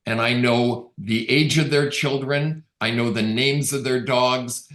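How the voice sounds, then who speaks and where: A middle-aged Canadian man who works in real estate gives a relaxed webinar talk full of stories and acted-out quotes. He speaks a little slowly in a steady, medium-pitched, slightly bright voice, with the video call sound echoing roomily.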